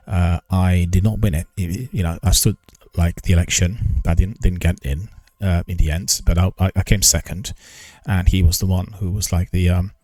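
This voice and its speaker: An older man talking on a live stream, slow and halting, with many pauses and restarts, careful formal pronunciation. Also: low-pitched, steady tone, darkish tone, no room sound. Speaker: gaming news streamer. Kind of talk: casual live-stream chat.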